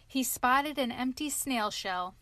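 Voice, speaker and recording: A woman narrating a children's storybook aloud in a clear, expressive reading. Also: high voice, slow, no room sound.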